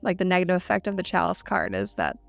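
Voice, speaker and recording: A woman with a lowish voice chats her way through a book recap, dropping "like" constantly and acting out lines from the characters. The sound is close and dry, with faint music playing underneath. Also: sing-song, fast talker, vocal fry, no echo. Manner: retells scenes with lots of "like", quoting characters. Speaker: podcast co-host. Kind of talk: casual book discussion.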